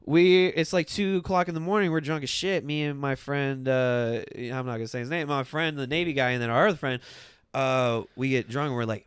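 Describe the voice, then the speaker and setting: A man's voice: medium pitch, brisk, smooth, no echo, clean studio sound. A young man, a podcast guest, telling a rambling, profane story in a casual, laid-back way. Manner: rambling, laid-back, swearing, acts out quoted voices.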